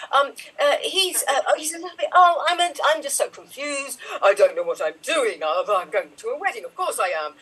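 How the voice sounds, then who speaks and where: A woman's voice: high-pitched, expressive, brisk, few pauses, bright, forceful tone, distant mic, poor audio. A woman performing an improvised comic monologue, dithering in a mock-confused way.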